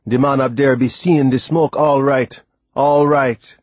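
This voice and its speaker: A man's voice: mid-range voice, steady tone, a little slow, darkish tone, no echo, voice pushed up, lightly acted. A man reading a storybook, voicing an old sailor from the with a lilting dialect and an earnest manner. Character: old West Indian sailor, calm, devoted.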